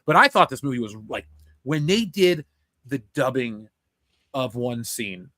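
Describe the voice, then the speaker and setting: A young man co-hosting a casual film review chat, excitable and rambling, swearing freely. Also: medium pitch, measured pace, no echo, clean studio sound. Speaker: podcast co-host.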